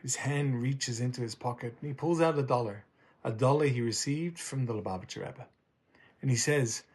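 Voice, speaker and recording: Husky-voiced male storyteller. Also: medium pitch, normal speed. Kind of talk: reflective story narration.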